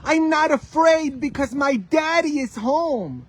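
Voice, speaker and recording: A man voicing a little boy of about six in a high, sweet, childlike voice. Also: expressive, slow, heavily acted. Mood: innocent.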